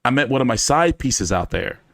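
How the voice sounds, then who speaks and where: A man hosting a casual fan chat, telling stories in an animated, profane way with many fillers. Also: medium pitch, fairly quick, gravelly, no echo, clean studio sound. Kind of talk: casual storytelling to a live chat.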